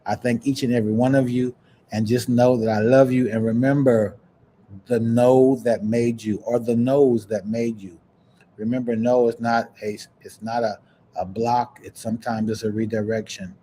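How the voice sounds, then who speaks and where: A man hosting a podcast, chatting casually and preaching encouragement in a warm, churchy way. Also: medium pitch, little pitch movement, normal speed, a little hiss or hum. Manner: warm, churchy, breaks into laughs and sing-song. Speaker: podcast host. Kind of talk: casual livestream chat, preachy sign-off.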